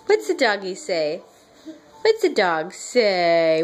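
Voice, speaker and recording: A woman's voice: mid-range voice, big pitch swings, normal speed. A woman talking to a toddler as a parent in a home video, coaxing him in sing-song baby talk.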